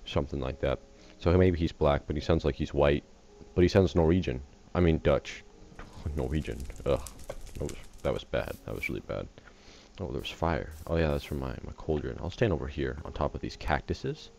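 Very deep, creaky and somewhat dark, this American gaming host's voice moves fairly quickly as he rambles and jokes through laid-back game commentary. He's just woken up and tired, easily distracted, and the recording is dull lo-fi with faint hiss.

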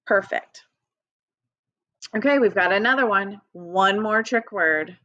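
Slow, patient woman teaching young children. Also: mid-range voice, lively intonation, sharp tone, no echo. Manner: slow, patient, encouraging, sounding out letters one by one. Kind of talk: recorded early-grade phonics lesson. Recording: dry, dull lo-fi home recording.

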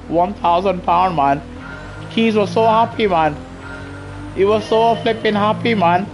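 A man's voice: sits high, measured pace, long pauses, faint music behind. A man with a British accent chatting casually to his live chat while racing, rambling and chuckling as he talks into a gaming headset. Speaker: live-streaming sim racer. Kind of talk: casual live-stream chat over gameplay.

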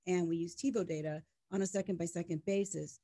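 A middle-aged woman, a tech startup co-founder, talking as an interview guest in an emphatic, animated storytelling way. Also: lowish voice, brisk. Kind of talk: conversational interview.

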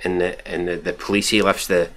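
Mocking low-voiced Scottish man. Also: little pitch movement, fairly quick, fairly bright tone. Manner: mocking, profane, chuckling. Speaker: commentary channel host. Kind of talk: reaction commentary reading tweets.

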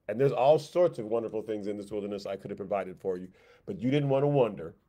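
Animated man teaching a Bible lesson. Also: fairly low pitch. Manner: animated, voices God and the people in quick asides; conversational, repeats phrases. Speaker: Sunday school teacher.

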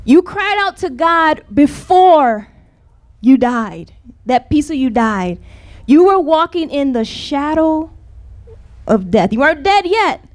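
A woman's voice: sits high, sing-song, slow pace. A woman preacher delivering an impassioned sermon, driving her points home with repeated refrains.

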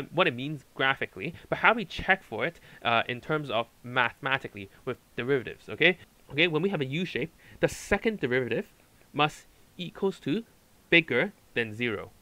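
A man's voice: medium pitch, sing-song, fairly quick, pushed and bright, dry recording, poor audio. A man tutoring calculus at a whiteboard, explaining step by step and checking in often with "okay" and "right". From Hong Kong. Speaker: math tutor.

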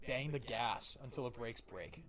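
A man's voice: mid-range voice, measured pace, crowd noise. A young man co-hosting a podcast, telling a rambling story in casual chat, full of "like" and "you know". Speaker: podcast co-host. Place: small home podcast studio.

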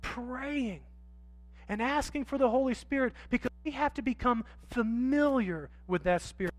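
A man delivers a church sermon in a strikingly high voice, close and dry with almost no room sound. He drops to quiet asides, then climbs into loud, stretched-out emphasis, and slips into little acted voices of hawkers and confessing sinners. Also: brisk, no room sound. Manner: acts out voices of street sellers and confessing sinners. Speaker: pastor. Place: church sanctuary.

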